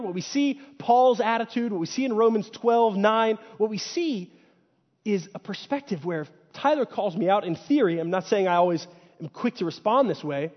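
Male preacher, fairly high voice, chatty sermon delivery, dull lo-fi recording with long hall reverb. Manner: conversational, acts out quoted inner voices.

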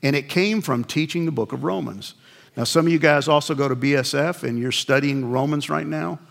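A man's voice: a little high, fairly quick, vocal fry. An older male pastor preaching a sermon in a conversational storytelling way, with wry acted asides.

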